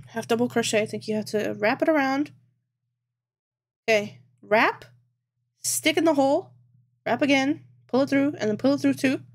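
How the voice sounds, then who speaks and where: A woman's voice: a little high, gravelly. A woman live-streaming as she crochets, thinking aloud, swearing a lot and mocking herself. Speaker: livestreamer. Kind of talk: casual live-stream chat while crocheting.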